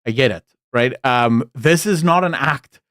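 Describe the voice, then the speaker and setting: A man's voice: medium pitch, unhurried, a bit bright, no room sound, clean studio sound. A man around forty, from South Africa, with a mixed English accent that carries South African traces. He hosts a live stream of political commentary, talks bluntly and candidly, rambles with fillers, and greets viewers from the chat.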